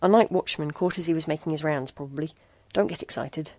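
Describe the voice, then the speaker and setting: A woman voicing a steady young male engineer who speaks in a calm, reassuring way. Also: low voice, a little fast, no echo.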